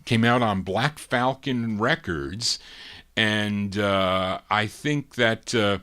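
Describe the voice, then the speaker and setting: A male DJ on a live record show, speaking in a slow, low-pitched voice. He reads out song details and dedications at an easy, unhurried pace. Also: sharp tone, clean tone. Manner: unhurried, lists record details between songs. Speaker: radio DJ.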